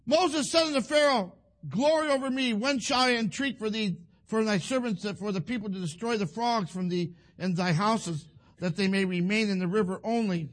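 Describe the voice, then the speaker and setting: A male preacher, giving a folksy sermon that builds to fervent shouting. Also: sits high, normal speed.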